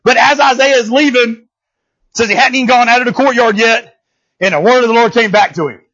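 A male pastor giving a lively, conversational sermon, speaking straight to his congregation and often checking in with them. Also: extremely high pitch, a little fast, dull audio. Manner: animated, talks straight to the congregation, often asks "you know what I'm saying?".

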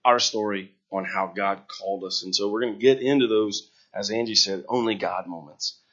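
A man, a missionary, tells his story to a gathered audience in a halting, earnest, emotional way, repeating words when moved. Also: lowish voice, a bit bright, husky. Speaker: missionary sharing his testimony. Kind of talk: emotional personal testimony to a gathering. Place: room before a gathered audience. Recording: dull lo-fi recording.

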